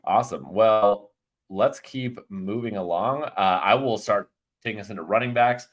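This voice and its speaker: Casual male sports-betting cohost, lowish voice, loose rambling delivery with jokes. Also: moderate pace. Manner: rambling, filler-heavy, joking. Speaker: fantasy sports analyst.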